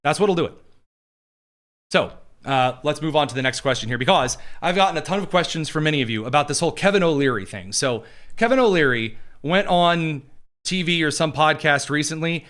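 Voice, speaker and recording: Male podcast host, rambling sarcastic commentary, somewhat high pitch. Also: lively intonation, a bit bright. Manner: quick, sarcastic, rambling with fillers. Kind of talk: casual political commentary.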